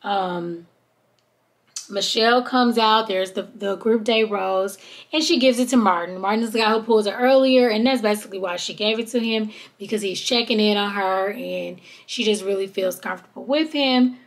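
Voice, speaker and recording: In a medium-pitched voice at a moderate pace, this podcast host chats casually through a reality-show episode. She retells it with animation, doing voices as she quotes the cast.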